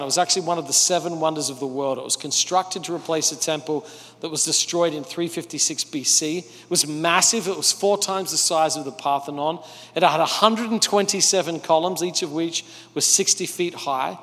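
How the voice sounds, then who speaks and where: A male pastor preaching a sermon, telling the story with animated energy and briefly acting out the people in it. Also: fairly high pitch. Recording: long reverb of a large hall.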